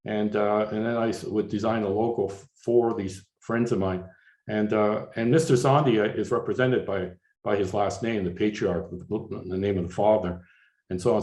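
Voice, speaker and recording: An older man from Canada walks an audience through his slides in a low voice, stopping and restarting often, his words padded with "uh" and "you know." The room is echoey, like a lecture hall. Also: darkish tone. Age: 60s. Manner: halting, many fillers and restarts. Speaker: artist giving a slide lecture.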